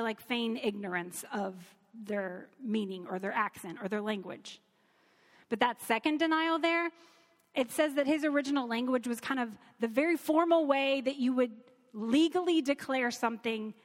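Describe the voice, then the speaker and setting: Female Bible teacher, conversational and earnest, slightly high voice. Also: in a large hall. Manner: earnest, conversational, reads scripture aloud.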